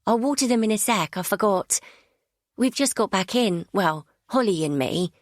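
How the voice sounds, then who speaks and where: A woman voicing an eager, anxious young boy in an audiobook, asking urgent questions and rushing his words. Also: medium pitch, expressive, no echo, clean studio sound, voice pushed up, lightly acted.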